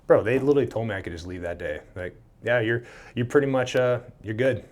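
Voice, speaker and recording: A fast-talking man in his thirties from Minnesota, medium in pitch, tells a story casually as a podcast guest. He's animated, swears freely, and acts out the voices in the dialogue he quotes.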